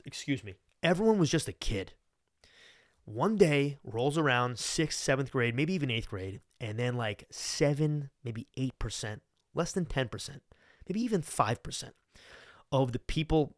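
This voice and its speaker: A man's voice: medium pitch, no echo, studio quality. A man in his twenties from Long Island hosting a casual solo podcast, rambling and sardonic with lots of swearing. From Long Island, New York. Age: 20s. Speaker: podcast host. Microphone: studio podcast mic.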